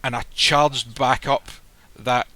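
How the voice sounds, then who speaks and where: A man's voice: medium pitch, fairly even intonation, takes it slowly, pushed and bright, dry recording. A man casually telling a personal story, blunt and swearing freely, acting out the lines people said. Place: live stream recording.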